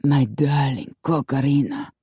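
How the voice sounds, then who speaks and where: A woman voicing a suave, smug male Latin lover who murmurs low and slow with a Latin accent. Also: dark tone, slightly rough, dry recording, clean studio sound, exaggerated voice. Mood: amorous.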